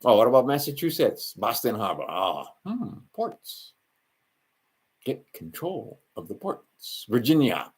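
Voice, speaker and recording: A man's voice: mid-range voice, very animated, unhurried, slightly rough. A man with a Hawaiian Pidgin accent, rambling through a solo monologue and correcting himself as he goes. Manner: meandering, self-correcting, asides to the listener. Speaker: channel host.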